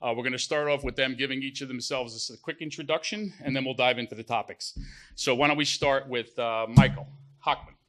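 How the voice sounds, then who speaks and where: A middle-aged man with a New Jersey accent, moderating a panel with folksy, animated storytelling. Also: mid-range voice, a little fast. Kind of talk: joke-telling moderation.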